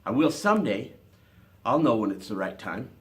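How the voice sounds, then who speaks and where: A man reading aloud and voicing an earnest, gently teasing young man in a storybook. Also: mid-range voice, very animated, normal speed, lightly acted.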